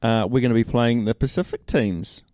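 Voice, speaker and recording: A man's voice: medium pitch, moderate pace, mellow, dry recording, studio quality. A man co-hosting a casual sports chat, laid-back and blunt in his banter. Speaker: podcast co-host.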